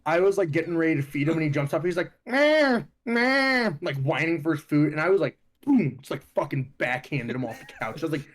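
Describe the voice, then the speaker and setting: A man's voice: fairly high pitch, fast talker, few pauses. Profane young man telling stories. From Ohio, US. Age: young adult. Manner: profane, animated storytelling. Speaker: podcast co-host. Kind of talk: casual chat.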